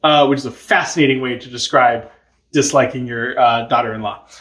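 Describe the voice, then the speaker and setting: A man's voice: medium pitch, fairly even intonation, a little fast, a bit bright, echoey room. A young man teaching a catechism class in a chatty, informal way, full of fillers and light laughter. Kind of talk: casual teaching.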